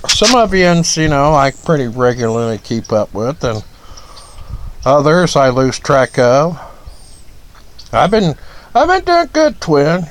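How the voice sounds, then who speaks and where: A man's voice: mid-range voice, lively intonation, slow pace, long pauses, a little hiss or hum, rough recording. A man from Ohio hosting a casual livestream from his front porch, rambling, chuckling often and greeting viewers by name. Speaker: livestream host.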